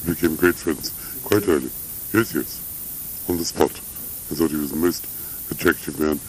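A man's voice: very deep voice, normal speed, a little mellow, slight background noise, rough recording. An older man from Russia, reminiscing in a rambling, anecdotal way in an interview, full of asides. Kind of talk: reminiscing conversation.

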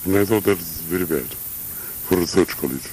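Deep-voiced older man, halting speech. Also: darkish tone, a little hiss or hum, poor audio. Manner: measured, halting, with frequent uhs. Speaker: interviewee, academic. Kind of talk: reflective interview talk.

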